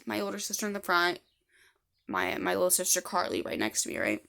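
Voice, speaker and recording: A woman's voice: lowish voice, very animated, a little fast, creaky, pushed and bright. A woman in her thirties telling her own story to camera in a blunt, rambling way with heavy swearing. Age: 30s. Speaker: vlogger.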